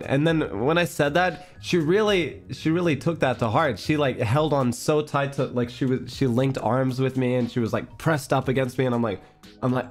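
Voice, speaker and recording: A young man chatting on his livestream with a stuffy, congested voice at a middle pitch. He rambles through his story with plenty of fillers and breaks into laughter often. Faint music plays softly behind him. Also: a little slow. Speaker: livestream host. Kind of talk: casual chat storytelling.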